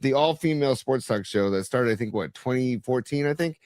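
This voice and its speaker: A man's voice: mid-range voice, fairly quick, a little mellow, no echo, clean studio sound. A man co-hosting a sports podcast who asks long, rambling questions full of fillers. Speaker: podcast co-host. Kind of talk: casual interview chat.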